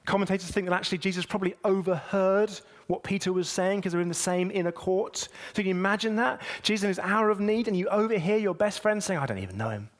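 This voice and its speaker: Emphatic male preacher, slightly high voice. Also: little pitch movement, quick pace, few pauses. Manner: emphatic, with wide swings in pitch and loudness; speaks directly to the congregation. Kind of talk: sermon.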